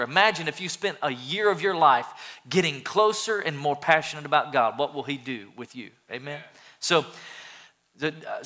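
A man preaching a sermon with a bright, forceful, rather high voice. He talks earnestly and with animation, stumbling through restarts as he builds energy. It is pastor-style address to a congregation.

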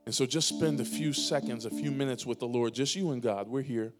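A man pastor preaching a sermon in a church, building to emphatic, louder lines and dropping to quiet, drawn-out pleas. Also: mid-range voice, loud music behind the voice. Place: church sanctuary.

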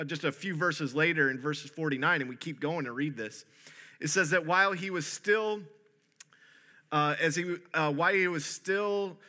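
A male pastor giving a conversational, animated sermon, often restarting his sentences. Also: on the high side.

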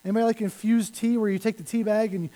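A male pastor preaching a sermon, animated, with lines that fall to a hush. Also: sits high, racing, rough recording. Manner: animated preaching that drops to soft, hushed lines.

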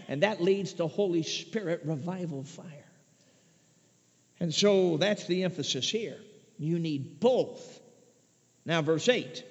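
A man from Chicago preaching a sermon, emphatic, swinging between loud declarations and hushed asides. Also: fairly high pitch, lively intonation, slow pace, pauses often. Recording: dull lo-fi sound with long reverb.

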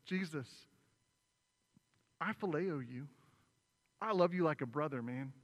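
A rough fisherman , as a preacher puts him on, talks in loose slang and trips over his words. It is a slightly raised version of a man's own voice. A long reverb trails each line across a large hall. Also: a little high, expressive, slow pace. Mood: earnest. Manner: casual, slangy, stammering. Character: rough male fisherman, casual and defensive.

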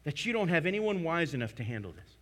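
Male pastor, high and sharp-toned, emphatic sermon delivery with big swings in volume. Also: very animated, quick pace. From United States. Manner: emphatic, swings between loud and hushed.

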